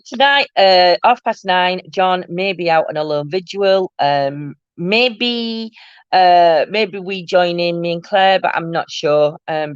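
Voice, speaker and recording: A woman's voice: fairly low pitch, smooth, dry recording, lo-fi sound. A woman hosting a paranormal live stream from home, chatting casually and reading out viewer comments, teasing and laughing often.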